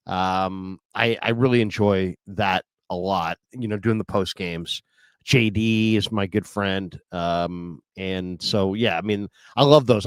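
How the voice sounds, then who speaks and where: A man's voice: on the low side, clean tone, dry recording. A man hosting a solo sports livestream, chatting in a rambling, casual way with lots of fillers. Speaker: podcast host.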